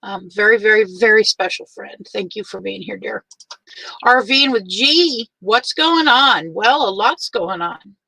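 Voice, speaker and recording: An older woman hosting a casual livestream. She greets each viewer by name in a warm, chatty way and is teary. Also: mid-range voice, normal speed, gravelly, few pauses, no echo, rough recording.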